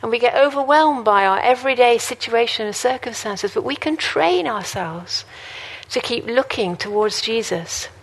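A woman's voice: fairly high pitch, expressive, normal speed. Earnest woman preaching a sermon. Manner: earnest, personal and conversational. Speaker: guest preacher.

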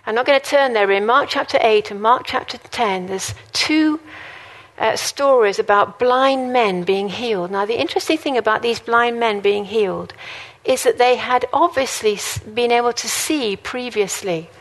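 Woman, sermon, earnest, conversational, personal stories, fairly high voice. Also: normal speed. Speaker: guest preacher.

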